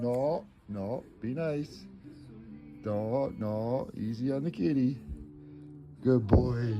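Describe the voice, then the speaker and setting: A man's voice: animated, slow, pauses often, highs cut off, over music. Man cooing at pets in sing-song. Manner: coaxing pets in a high sing-song voice, sprinkled with Spanish words. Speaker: live stream host. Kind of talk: casual chat with pets at home. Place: home kitchen.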